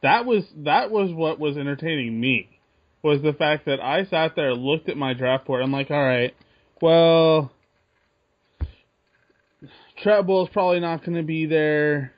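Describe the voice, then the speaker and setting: A man's voice: a little high, normal speed. Laid-back man on a sports podcast. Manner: relaxed, thinking aloud with restarts. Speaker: podcast co-host. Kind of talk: casual sports podcast chat. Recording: muffled lo-fi sound.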